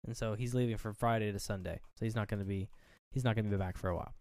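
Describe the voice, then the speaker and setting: A man talks through a film with his co-host, retelling each scene and slipping into quick voices for the characters. His voice is smooth and clear, recorded close and dry with no room sound. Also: lowish voice, steady tone, a little mellow, dry recording. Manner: recaps scenes, acting out characters' lines. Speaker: podcast co-host. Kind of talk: casual movie review chat.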